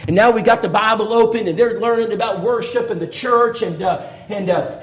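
A man's voice: high-pitched, moderate pace, hardly any pauses. A man preaching, telling a folksy story and voicing the people in it. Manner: folksy, animated storyteller voicing quoted dialogue. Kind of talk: storytelling sermon. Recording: echoey room with faint background noise.

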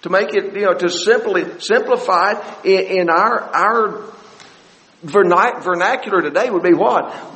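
A man preaching a Bible study sermon, often halting and repeating words as he searches for the next phrase. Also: sits high, fairly bright tone, in a large hall, poor audio.

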